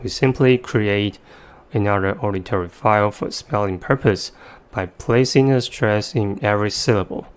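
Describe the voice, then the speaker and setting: Low, smooth-voiced male teacher. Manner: careful, methodical explaining with slow demonstrative word examples. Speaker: English vocabulary teacher. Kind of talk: scripted instructional narration.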